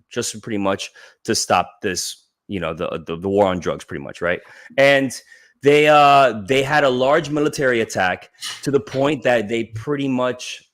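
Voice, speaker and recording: Rambling, laid-back man recapping a show. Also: on the low side. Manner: loose, rambling, laughs often, many fillers. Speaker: podcast co-host. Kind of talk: casual recap chat.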